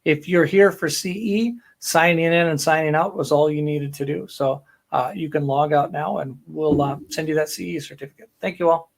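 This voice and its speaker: A man's voice: on the high side, moderate pace, creaky, hardly any pauses. A man hosting a real estate panel event, wrapping up and thanking sponsors in an upbeat way. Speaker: event host. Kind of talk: closing remarks at a panel event.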